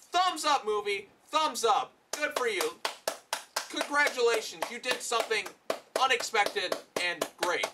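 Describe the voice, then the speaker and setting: A man's voice: extremely high pitch, expressive, unhurried, a little hiss or hum. A man ranting through a comedic film review, profane and exasperated. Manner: profane, exasperated, shouting outbursts.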